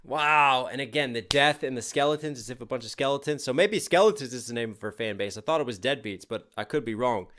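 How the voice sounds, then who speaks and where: A man's voice: medium pitch, quick pace, few pauses, fairly bright tone. A man hosting a music reaction channel, chatting casually and eagerly picking apart the lyrics as he thinks aloud.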